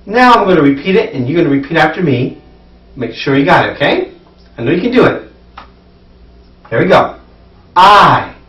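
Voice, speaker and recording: A man teaching English pronunciation, saying words slowly for listeners to repeat and praising them. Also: fairly high pitch, sing-song, recorded from a distance. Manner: encouraging, repeats words slowly for learners to echo. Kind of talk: pronunciation drill lesson.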